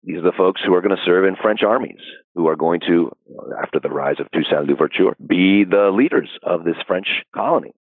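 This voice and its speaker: A man's voice: deep voice, expressive, a little fast, hardly any pauses, slightly rough, dry recording. A man talking as a historian guest in a podcast interview, thoughtful and discursive with many fillers. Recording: dry, phone-like call audio.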